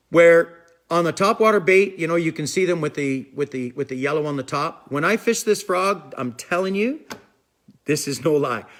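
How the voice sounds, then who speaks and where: A man's voice: a little high, fairly bright tone. A man hosting a fishing live stream, chatting casually and rambling as he answers viewers' questions. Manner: rambling, chatty, repeats "I'm telling you".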